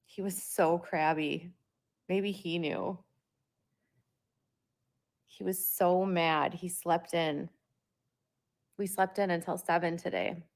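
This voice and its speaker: Young adult woman, low and gravelly, rambling casual vlog talk. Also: steady tone, slow, pauses often. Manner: rambling, talks through filler words. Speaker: parent vlogger. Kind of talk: casual monologue to viewers.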